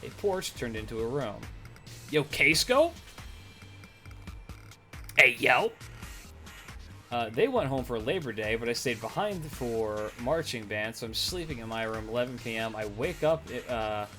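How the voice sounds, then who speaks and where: A man's voice: mid-range voice, animated, normal speed, hardly any pauses, faint music behind. A young man streaming, telling stories in a rambling, profane casual chat with many fillers.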